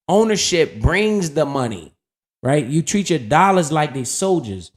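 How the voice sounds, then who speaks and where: A man's voice: on the high side, expressive, measured pace. A man giving casual, profane, hyped market commentary, talking straight to his viewers while going over his account. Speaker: stock market streamer.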